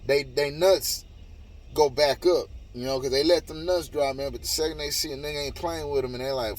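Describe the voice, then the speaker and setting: A man's voice: a little high, brisk. A man telling a heated, profane story in a casual monologue, repeating himself and swearing often. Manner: profane, heated, repetitive retelling.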